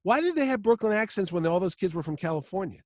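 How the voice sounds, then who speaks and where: Male podcast host, lively raconteur, slightly higher voice, dry close recording. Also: fast talker, no echo. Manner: animated storyteller, acts out quoted voices. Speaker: comic con host. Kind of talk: casual podcast chat.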